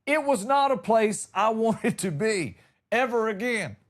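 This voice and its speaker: Male comic host, high voice that leaps around, drawling storyteller who plays every character himself. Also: unhurried. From Georgia, US. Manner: animated, drawling, acts out voices. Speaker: comedian host. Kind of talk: comedic storytelling.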